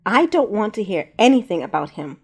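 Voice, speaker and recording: A fiery young shopkeeper with a sharp tongue, as a woman puts her on. Her mellow voice is a touch raised, and she speaks in a storybook reading. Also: medium pitch, big pitch swings, fairly quick, slightly rough. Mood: angry. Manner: snappish. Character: young adult female animal shopkeeper, fiery and irritable.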